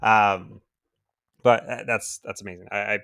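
A man hosting a podcast interview, his voice sitting low. He builds his questions slowly, with pauses and restarts. The sound is dry and close to the mic. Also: steady tone, vocal fry, pushed and bright, no echo. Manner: hesitant, many fillers and restarts while framing questions. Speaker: podcast host.

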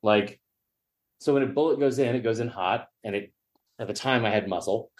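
A man telling a long story on a podcast, acting out the other people in it and swearing as he goes. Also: normal speed. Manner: animated storyteller, acts out quoted voices with pitch jumps; profane, joking. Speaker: podcast guest, sports media personality. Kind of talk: casual storytelling.

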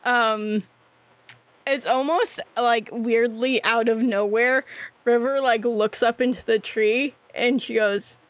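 A woman narrating a tabletop game as game master, laughing often and slipping into quick character voices. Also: on the high side, steady tone, dry recording.

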